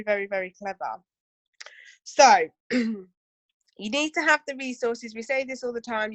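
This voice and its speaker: A woman's voice: mid-range voice, no room sound. A woman running a casual training session for her team, chatty and full of asides and rhetorical questions.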